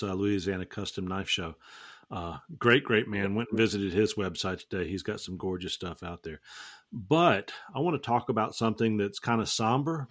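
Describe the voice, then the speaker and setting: A man hosts a laid-back roundtable chat. His voice sits on the lower side, and he jokes and teases his co-hosts as he rambles from one thought to the next. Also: a bit bright. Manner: joking, teasing, rambling. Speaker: podcast host.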